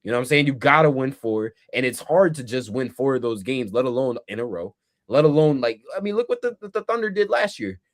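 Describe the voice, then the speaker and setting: A man's voice: medium pitch, sing-song, brisk. A man co-hosting a sports podcast, giving rambling, laid-back analysis in casual chat. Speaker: podcast co-host.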